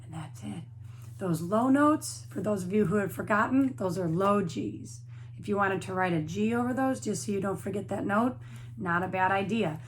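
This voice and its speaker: A woman's voice: mid-range voice, a little hiss or hum. A woman teaching a flute lesson to young students, explaining patiently and encouragingly, step by step.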